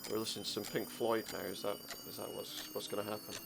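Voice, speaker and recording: A man's voice: lowish voice, little pitch movement, fast, gravelly, background noise. A man giving casual commentary while playing a game, muttering his thoughts aloud. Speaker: let's play gamer.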